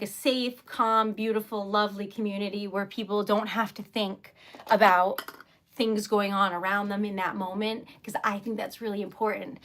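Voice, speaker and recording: A young woman from Rhode Island chats on a casual livestream in a high voice, taking her time between words. She sounds flustered and giggly and stammers a little as she talks. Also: pushed and bright. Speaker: livestream host.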